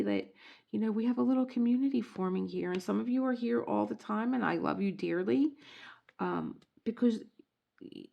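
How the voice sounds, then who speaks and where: A woman's voice: mid-range voice, gravelly. A middle-aged woman vlogging casually at home, telling stories in a chatty way and acting out quotes. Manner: chatty storyteller, animated quoting. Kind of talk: casual chat.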